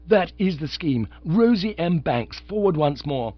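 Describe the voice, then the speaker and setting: A man voicing a bumbling, lovesick young English gentleman who gushes and pleads, in a dull, dry recording. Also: on the high side, big pitch swings, a little slow, no room sound, pitched above the performer's own voice. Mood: eager pleading. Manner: gushing, pleading.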